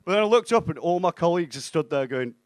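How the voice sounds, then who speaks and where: Deadpan young stand-up. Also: male voice, fairly high pitch, fast talker, no echo. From England (Stoke-on-Trent). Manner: deadpan, self-mocking delivery with acted-out dialogue. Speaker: stand-up comedian. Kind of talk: stand-up comedy set. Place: comedy club stage.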